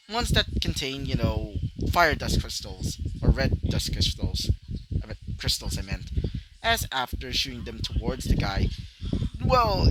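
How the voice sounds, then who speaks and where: A man improvising a story in a rambling way, full of fillers. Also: mid-range voice. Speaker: fan fiction narrator. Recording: loud background noise.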